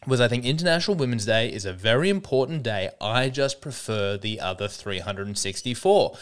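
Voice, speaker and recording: A young man riffing through a solo comedy podcast in a wry, self-mocking ramble. His voice is smooth and clean, with a middle pitch. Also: lively intonation, fairly quick, few pauses. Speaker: podcast host.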